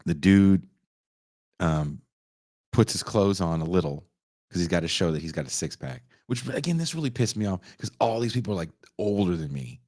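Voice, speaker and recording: A man in his forties casually reviewing a film, profane and animated, acting out the characters' lines. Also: low-pitched, moderate pace, dry recording, clean studio sound. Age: 40s. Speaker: podcast host reviewing a film.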